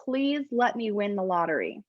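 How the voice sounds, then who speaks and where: A woman's voice: mid-range voice, big pitch swings, moderate pace, dry recording, close to an everyday voice. A woman voicing a broke, desperate man who pleads and whines in prayer for a lottery win, in a dull, dry recording. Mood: resentful. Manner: pleading, whiny.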